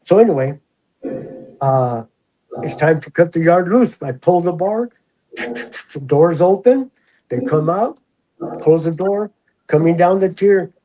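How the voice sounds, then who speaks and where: A man in his sixties, a retired prison officer, tells stories in a loose, chatty way. His voice is mellow and husky and sits a touch higher than most men's. He drops into the voices of the people he quotes as he goes. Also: expressive, slow pace, long pauses, low-quality recording. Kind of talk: casual storytelling.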